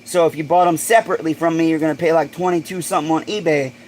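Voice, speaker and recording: A man hosting a casual livestream, excitable and swearing freely, bursting into shouts. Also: fairly high pitch, rapid-fire, slight background noise, poor audio. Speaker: livestream host.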